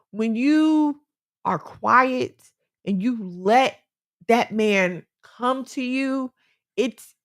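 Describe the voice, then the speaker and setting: A woman talks through relationship advice in a relaxed, conversational way. She is earnest and persuasive, often repeating a phrase for emphasis and returning to faith as the root of her points. Her voice sits at an ordinary pitch for a woman. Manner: faith-based encouragement. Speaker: co-host giving relationship advice. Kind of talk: casual advice chat.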